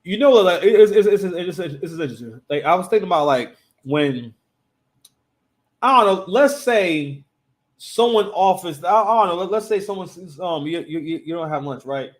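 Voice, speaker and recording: A man's voice: high voice, animated, normal speed. A man hosting a casual reaction commentary, rambling and often restarting his sentences. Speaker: commentary channel host.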